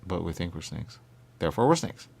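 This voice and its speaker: A man's voice: very animated, a little fast, vocal fry, darkish tone, breathy edge. A man in absurd comedic banter, arguing in goofy circles. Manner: goofy, circular arguing with big pitch jumps.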